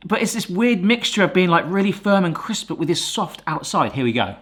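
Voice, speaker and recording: A man hosting a casual cooking vlog, chatty and quick to exclaim over the food. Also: sits high, slightly rough. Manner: chatty, excitable, exclaims often. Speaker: cooking video host.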